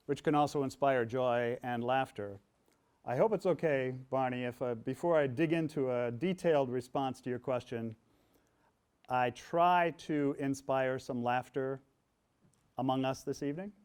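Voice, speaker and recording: A man's voice: medium pitch, unhurried, smooth. Middle-aged male speaker at a public talk, resonant voice, storytelling manner with humorous touches. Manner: warm storytelling, humorous asides, quotes with rising emphasis. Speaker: author and pastor in conversation. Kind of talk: public talk before an audience. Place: event hall with audience.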